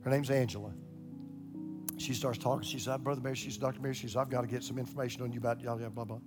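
Older pastor preaching over soft guitar. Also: male voice, mid-range voice, racing. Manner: animated, repeats words when excited, acts out quoted voices. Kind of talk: sermon storytelling.

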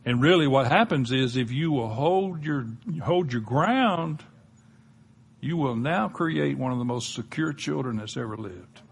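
A man's voice: mid-range voice, animated, unhurried, gravelly, husky. An older man with a Southern US accent preaching a sermon, folksy and conversational, with touches of humor. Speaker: pastor.

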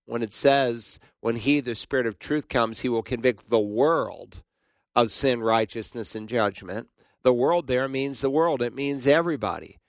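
A man teaching the Bible on a call-in radio show, answering a caller in a measured, explanatory way and quoting scripture. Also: mid-range voice, dry recording.

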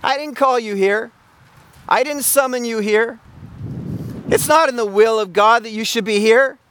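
A man's voice: extremely high pitch, a little slow, fairly bright tone, a little hiss or hum, voice pushed up. A preacher voicing God as a stern male deity who presses with repeated questions. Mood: probing.

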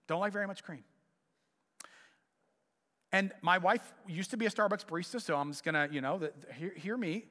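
A middle-aged man preaches a sermon, his voice high and bright, leaping up and down as he tells a story. He sometimes drops to a hushed near whisper for emphasis. The sound carries a long reverb, as in a large hall. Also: lively intonation, fast, hardly any pauses. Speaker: pastor.

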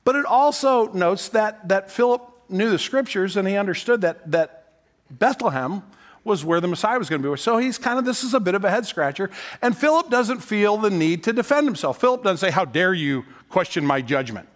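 Man, pastor, sermon, conversational, high voice, repeats words. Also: expressive, a little fast. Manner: conversational, asks the congregation "right?" often; repeats words while he speaks.

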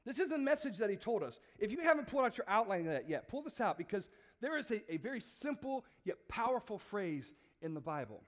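A man's voice: high voice, big pitch swings, brisk, few pauses. A man preaching a sermon, telling stories and acting out the voices in them in a conversational way. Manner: acts out voices in illustrations, conversational. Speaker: pastor.

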